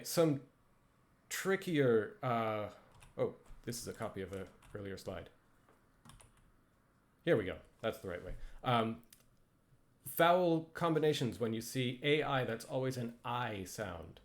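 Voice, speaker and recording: A man casually teaching pronunciation over slides, hesitant and self-deprecating, with frequent ums and restarts. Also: fairly low pitch. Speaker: language instructor.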